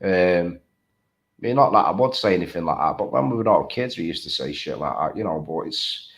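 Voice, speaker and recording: A man's voice: low voice, expressive, normal speed. A man co-hosting a casual chat, blokey and sweary, calling people mate. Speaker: co-host. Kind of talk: casual late-night chat.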